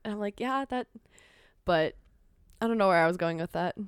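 A young woman chatting as a podcast guest, telling stories in rambling, animated bursts that jump between tangents. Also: lowish voice, fast, smooth, no room sound, studio quality. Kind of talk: casual chat.

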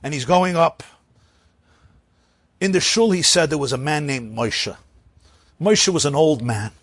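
A man telling an animated religious story, acting out the people in it. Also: fairly high pitch, a little slow, dry recording. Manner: animated, acts out the characters.

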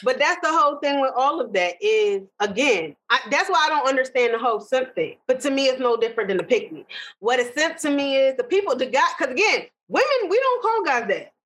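High-pitched woman podcast host, blunt casual rant, lots of slang. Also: very animated, brisk, a bit bright, poor audio. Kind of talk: casual chat.

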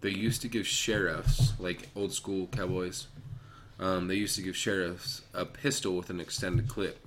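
Brief: young adult man, lowish voice, animated casual storyteller, heavy on "like". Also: unhurried, a crowd in the background. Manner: animated storyteller, many "like" fillers, acts out quotes. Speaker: podcast co-host. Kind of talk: casual chat.

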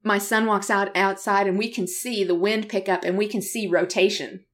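Brief: middle-aged woman podcast co-host, animated chatty storyteller, laughs a lot. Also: medium pitch, normal speed. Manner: animated storyteller who laughs often and acts out quotes. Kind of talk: casual podcast chat.

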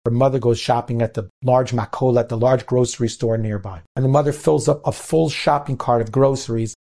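A man, a rabbi, telling a story in an animated way and acting out the characters. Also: medium pitch, brisk, gravelly. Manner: animated, acts out characters' voices. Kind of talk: storytelling talk.

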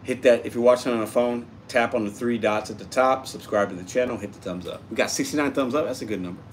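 He's a livestream host from Puerto Rico, going through viewer comments with upbeat, chatty replies. His mid-range voice moves fast, and there's a little hiss or hum.

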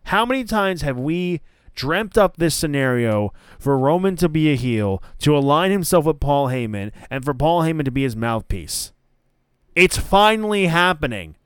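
A man's voice: a little high, sing-song, normal speed, clean tone, no room sound, studio quality. A man hosting a casual wrestling podcast, giving opinionated takes and often correcting himself mid-sentence. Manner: opinionated, rambling with frequent self-corrections. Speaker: podcast host.

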